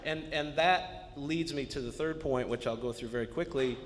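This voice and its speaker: A man's voice: medium pitch, normal speed. Male panelist, emphatic and earnest, heard in a reverberant hall. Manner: earnest, emphatic, repeats key words. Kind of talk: panel discussion remarks. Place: arts center event space. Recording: long hall reverb, faint noise.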